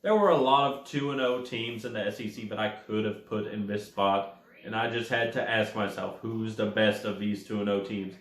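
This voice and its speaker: A man's voice: lowish voice, steady tone, normal speed, echoey room. A man hosting his own college football rankings in a chatty way, talking straight to the teams and correcting his own slips. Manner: chatty, addresses teams directly, corrects himself. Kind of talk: casual sports commentary.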